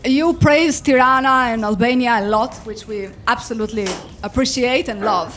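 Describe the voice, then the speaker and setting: A young woman moderates an interview with a fairly high voice. She asks direct, polite questions in a clear, straightforward way. Faint background noise can be heard. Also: moderate pace, a bit bright.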